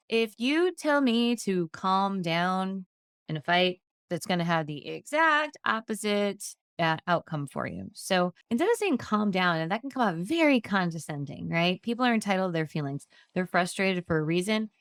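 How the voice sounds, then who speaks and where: Female podcast trainer, low-pitched, smooth delivery, upbeat and chatty, dry close sound. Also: expressive, moderate pace, a bit bright, dry recording. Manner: upbeat and chatty, briefly acts out customer-service lines. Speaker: insurance agency trainer and podcast host.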